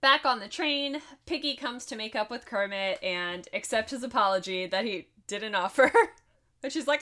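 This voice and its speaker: A woman's voice: a little high, normal speed, sharp tone. Sex: woman. Role: podcast co-host. Style: casual chat recapping a film. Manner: chatty and laughing, with asides.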